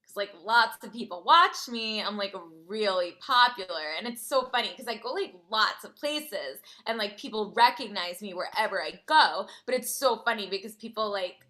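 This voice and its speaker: Woman doing ditzy valley girl improv bit, bright sharp voice, like like like. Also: medium pitch, lively intonation, normal speed, hardly any pauses. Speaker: improv performer. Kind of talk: improvised comedy monologue as a vain influencer.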